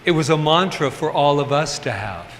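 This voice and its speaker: A man's voice: fairly high pitch, expressive, normal speed. A male pastor giving an informal sermon in a chatty, candid way with humorous asides, recorded in a church sanctuary. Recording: reverberant hall, faint ambient noise.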